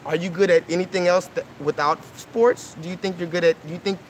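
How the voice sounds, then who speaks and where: A man's voice: sits high, fairly even intonation, fairly quick, a little hiss or hum. A man in his thirties with an earnest, coaxing way of talking, who keeps checking in with "okay?" and "right?" while hosting a live stream outdoors by a pool and speaking into a phone. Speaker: livestream host. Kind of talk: casual live-stream talk with kids.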